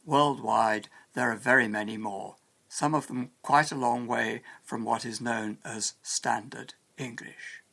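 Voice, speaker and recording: A man narrates a scripted lesson in a steady, explanatory manner. His voice sits at an ordinary middle pitch with a gravelly edge. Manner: measured, explanatory. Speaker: English teacher.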